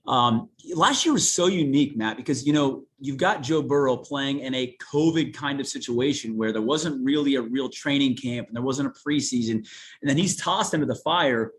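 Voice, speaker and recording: A man from Newark, Ohio, with a Central Ohio accent, a TV sportscaster talking as a guest in an animated, folksy way. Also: mid-range voice, normal speed. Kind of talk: casual sports interview.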